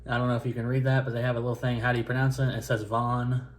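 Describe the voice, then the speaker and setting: A man's voice: mid-range voice, little pitch movement, racing. A man casually reviewing food on camera, rambling with many fillers and repeating himself as he corrects his words.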